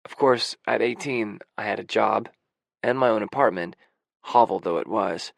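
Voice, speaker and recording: A man narrating a first-person audiobook in a wry, gruff manner on a close studio mic. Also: fairly low pitch, moderate pace, no room sound.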